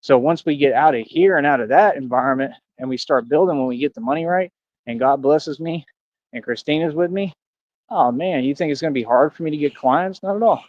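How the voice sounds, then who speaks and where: A man's voice: a little high, fairly quick, darkish tone, no room sound, dull audio. A man livestreaming, talking straight to his chat in a boastful, confrontational, slangy way. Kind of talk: casual livestream rant to chat.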